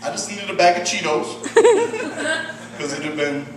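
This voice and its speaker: A man in his thirties from Michigan doing a stand-up set, deadpan and profane with self-deprecating asides. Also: on the high side, normal speed, crowd noise. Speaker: stand-up comedian. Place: comedy club stage with audience. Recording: roomy distant club recording, loud ambience.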